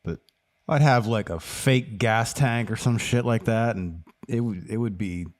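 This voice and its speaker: Rambling lower-voiced podcast guy. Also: unhurried. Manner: loose, rambling, searches for words. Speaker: podcast co-host. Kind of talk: casual chat.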